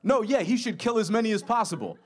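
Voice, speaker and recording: A man putting on a crude, excited older comedian while retelling a scene from his book. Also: high-pitched, fast, pitched above the performer's own voice. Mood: gleeful. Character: an imitated famous comedian, older man, gleefully vulgar.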